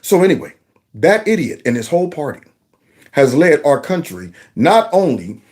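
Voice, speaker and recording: A man hosting casual political commentary, mocking and animated, with many fillers and restarts. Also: fairly high pitch, normal speed.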